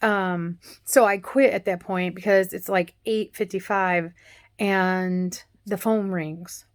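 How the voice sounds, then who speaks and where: A woman's voice: lowish voice, fairly even intonation, slow. A middle-aged woman, rambling through a casual story and acting out the other people in it. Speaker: cooking channel host.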